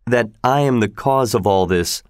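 A man's voice: mid-range voice, normal speed, clean tone, no echo, studio quality, lightly acted. A man voicing a grateful, loyal older merchant in a storybook reading, sincere and solemn. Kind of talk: storybook read-aloud.

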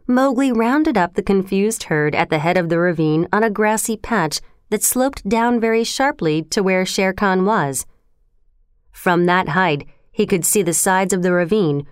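Woman reading a storybook aloud, crisp voice. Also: lowish voice, no echo, clean studio sound. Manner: steady expressive storytelling. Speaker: storybook narrator. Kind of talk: scripted narration.

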